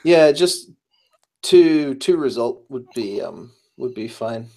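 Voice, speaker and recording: This tired programmer, awake late at night, speaks slowly in a medium-pitched, expressive voice that is creaky and a little mellow. He casually explains programming choices, hesitant and filler-heavy, while giving advice.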